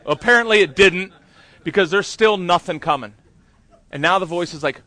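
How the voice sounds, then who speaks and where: A man's voice: high voice, moderate pace, pushed and bright, dry recording. A man preaching a conversational sermon, telling a candid, self-deprecating story with chatty asides. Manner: chatty with many fillers and asides. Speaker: pastor.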